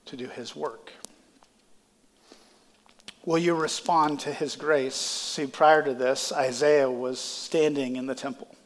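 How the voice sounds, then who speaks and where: A man's voice: medium pitch, long reverb tail. A male pastor delivering a sermon with a congested, stuffy voice, building to impassioned climaxes. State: congested sinuses. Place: church sanctuary.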